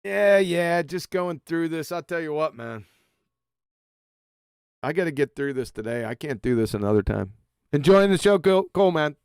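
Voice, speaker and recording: Reacting to a clip on his livestream, a man with a smooth, high voice delivers crude, mocking commentary punctuated by loud, profane outbursts. His intonation is lively and his pace moderate, and the close-miked sound has no room echo.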